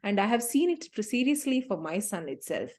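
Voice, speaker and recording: A middle-aged woman with an Indian English accent, facilitating a parenting talk and acting out scenes from family life. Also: normal speed. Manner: animated storytelling, acts out scenes with sharp pitch jumps.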